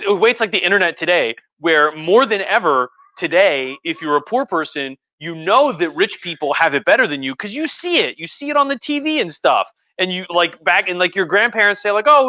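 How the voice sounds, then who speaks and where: A man's voice: sits high, bright, forceful tone, dry recording, highs cut off. A tipsy man, a history professor, rambling casually and profanely about history on a livestream. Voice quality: profane, rambling, lots of fillers. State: tipsy from wine.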